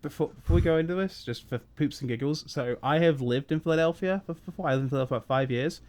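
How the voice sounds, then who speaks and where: A man's voice: on the high side, quick pace. A young man with a British accent on a podcast, animatedly telling anecdotes and acting out what people said. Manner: animated, acts out quoted dialogue. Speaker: podcast co-host. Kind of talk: casual anecdote chat.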